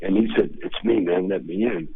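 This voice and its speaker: A man's voice: lowish voice, fairly quick, creaky, slightly rough, narrow, tinny audio. An older man, a comedian, telling rambling, laid-back stories as a radio interview guest, often restarting his sentences. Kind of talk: casual storytelling.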